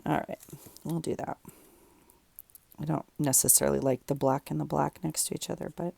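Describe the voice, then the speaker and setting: A woman with a low, heavily gravelly voice talks casually while crafting, thinking aloud and rambling as she goes. She sounds close and dry, recorded in her home craft room. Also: fairly even intonation, moderate pace, long pauses, mellow, no room sound. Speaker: journaling vlogger.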